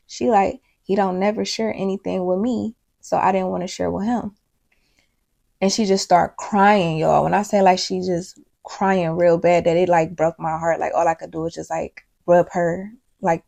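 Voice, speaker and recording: Young woman vlogger, gravelly voice, rambling storytime straight to camera. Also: on the low side, darkish tone. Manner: rambling, emotional, talks straight to viewers. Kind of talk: casual storytime.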